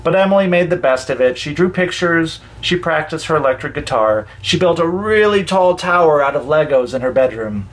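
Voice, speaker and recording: A man reading a children's story aloud for a church, expressive with dramatic pauses. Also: fairly high pitch.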